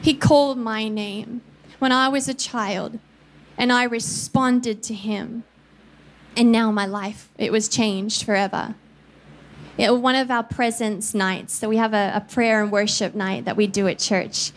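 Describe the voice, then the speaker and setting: Preaching with animation in a church studio, a thirties-aged Filipina pastor from the Philippines tells stories and mimics voices playfully. Her pitch is fairly high and her pace a little slow.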